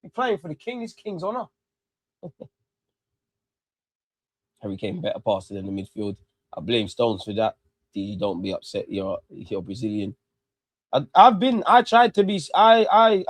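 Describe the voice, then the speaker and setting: A man hosting a live football watch-along, ranting excitably and swearing freely into a close mic. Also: on the high side, normal speed, long pauses, dry recording.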